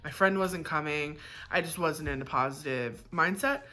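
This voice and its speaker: A woman vlogger tells a personal story in a casual, candid way. Her voice sits a little low but comes across bright and forceful. She talks loosely and plainly, with the odd swear word. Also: moderate pace. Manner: candid, profane, chatty.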